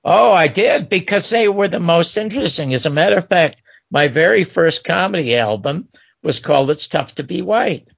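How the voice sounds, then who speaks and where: An older man spins career anecdotes in a gravelly voice with a wide, lively swing in pitch. He slips into the voices of the people he quotes. The sound is dry and a little dull, like a modest recording setup. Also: moderate pace, dry recording. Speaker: talk show host recounting career. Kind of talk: storytelling interview.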